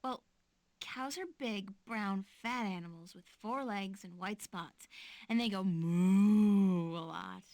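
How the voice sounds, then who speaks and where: A woman's voice: mid-range voice, slow, darkish tone, no echo. An actress voicing a curious young woman heroine in a video game, with dry, wry remarks.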